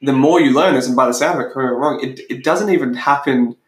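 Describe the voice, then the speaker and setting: Fast-talking enthusiastic male coach host. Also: medium pitch. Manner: enthusiastic, energetic, swears casually. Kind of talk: casual podcast conversation. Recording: echoey room.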